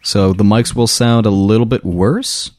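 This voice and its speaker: A man's voice: on the low side, steady tone, unhurried, darkish tone, no room sound, studio quality. A man co-hosting a live stream, rambling as he thinks aloud about the setup. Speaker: co-host running the turntable and stream. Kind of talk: casual live-stream chat.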